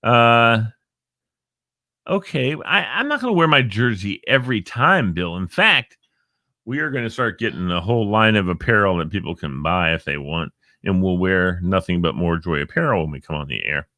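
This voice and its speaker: A man's voice: deep voice, expressive, moderate pace, sharp tone, dry recording, studio quality. A middle-aged man hosting a live online show, chatting casually, joking and reading out viewers' names. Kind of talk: casual live-stream chat.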